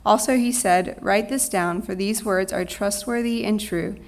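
A woman reading a long scripture passage aloud. Her reading is measured and solemn, and she sounds close to tears. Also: medium pitch. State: tearful. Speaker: scripture reader.

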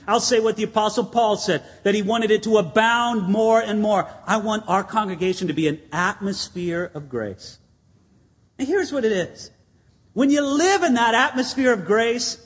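A male pastor with a high, husky voice delivers a lively, conversational sermon. He keeps turning to the congregation with questions. The sound carries the long reverb of a church hall. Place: church sanctuary.

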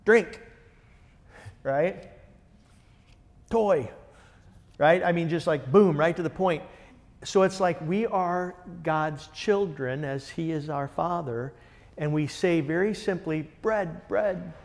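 A man's voice: on the high side, unhurried. A man teaching a Bible study, enthusiastic and conversational, putting questions to the group. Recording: long reverb in a large room.

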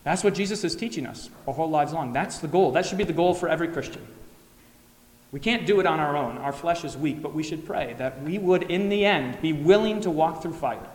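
A man's voice: on the high side, brisk. A man preaching a sermon as pastor, earnest, asking the congregation rhetorical questions and acting out imagined replies. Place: church sanctuary. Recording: echoey church hall.

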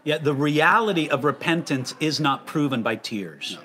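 A man with a fairly high voice and a very lively, swooping pitch hosts a relaxed conversation. He reads questions aloud and pushes his co-host with playful, curious follow-ups. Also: moderate pace. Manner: animated, inquisitive, teasing. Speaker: host reading listener questions. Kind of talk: casual conversation.

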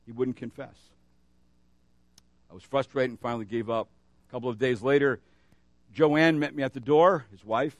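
A man's voice: mid-range voice, moderate pace, no echo, clean studio sound. A male pastor preaching a sermon, moving between emphatic declarations and a casual storytelling manner with frequent fillers. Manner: animated preaching with rising emphasis and storytelling asides.

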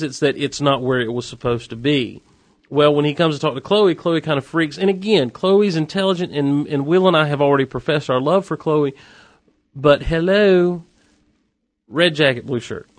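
A man hosting a podcast, casually recapping a TV episode with animated, wry asides. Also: fairly high pitch, moderate pace, no room sound.

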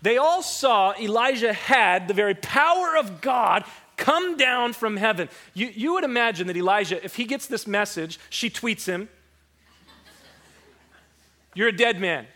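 Male preacher, high pitch, animated sermon delivery with punchy rhetorical questions. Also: moderate pace. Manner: animated, swings between loud rhetorical questions and quiet scripture reading; mock-mopey voice when quoting a complaining prophet.

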